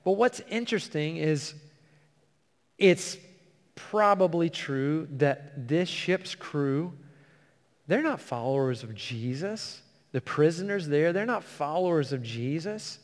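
A man preaching a sermon, reading scripture slowly and earnestly and explaining it to a congregation. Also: on the high side, animated. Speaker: pastor. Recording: long hall reverb.

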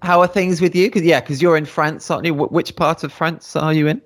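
A man's voice: a little high, steady tone, brisk. A man hosting a podcast from England, a wedding photographer ad-libbing in a casual, rambling way with lots of fillers. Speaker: podcast host.

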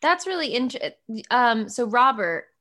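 A woman from the American South hosting a podcast, chatty and animated as she tells stories in casual conversation. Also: a little high, unhurried. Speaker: podcast host.

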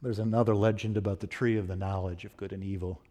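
A man delivers a sermon in a lowish, mellow voice and tells a story, acting out the dialogue between its characters. He closes slowly and solemnly, reading a poem and giving a blessing. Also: flat delivery. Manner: slow and solemn when quoting poetry and blessing. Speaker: preacher.

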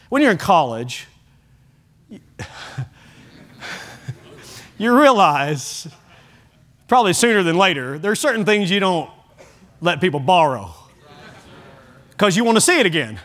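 Folksy high-voiced male pastor preaching. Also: very animated, a little slow, long pauses, a bit bright. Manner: folksy, repeats words, restarts phrases. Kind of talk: evening sermon. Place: church sanctuary.

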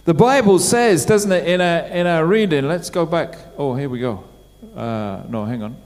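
Middle-aged preacher with a high voice. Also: male voice, normal speed, darkish tone. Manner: conversational, asks the congregation questions. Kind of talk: sermon. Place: church. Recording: church hall with long reverb.

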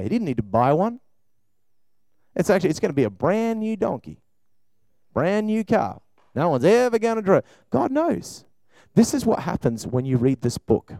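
A man preaching and praying in a church service, fervent, swinging between loud cries and quiet talk. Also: fairly high pitch, gravelly, dry recording, poor audio. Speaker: pastor. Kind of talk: sermon with prayer.

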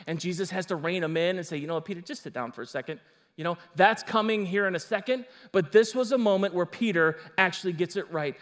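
A man preaching a sermon as pastor, emphatic, with casual asides to his congregation. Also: sits high.

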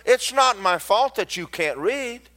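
A male preacher delivers an animated sermon, acting out scenes and teasing his listeners. His voice sits high for a man and leaps all over the place in pitch. The tone is bright and forceful. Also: unhurried. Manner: animated, storytelling, mocking asides.

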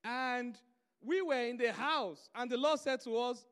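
Very high-voiced male preacher. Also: a little slow, a bit bright, smooth. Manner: storytelling with emphatic repetition. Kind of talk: sermon.

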